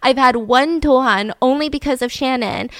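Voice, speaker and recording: A woman's voice: sits high, normal speed, fairly bright tone, no echo. A woman hosting a podcast, telling a true-crime story in a chatty way, swearing casually and laughing between points. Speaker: podcast host.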